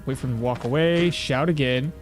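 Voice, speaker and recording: A man's voice: medium pitch, a little fast, soft background music. A man chatting casually on a live stream, talking to himself and answering chat while he plays. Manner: chatty, talks to himself and reads chat aloud. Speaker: game streamer.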